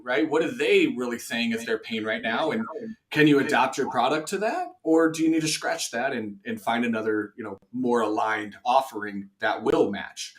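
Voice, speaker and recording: A man talking casually as a guest, coaching on sales calls with a conversational, filler-heavy manner. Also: mid-range voice. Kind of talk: casual chat.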